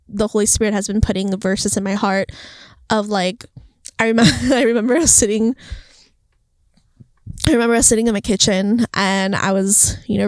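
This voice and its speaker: A young woman hosting a casual faith podcast, talking in an excitable, chatty way with lots of fillers and laughter. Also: fairly high pitch, smooth, dry recording. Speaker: podcast host. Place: outdoors on a hill near the beach. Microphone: camera.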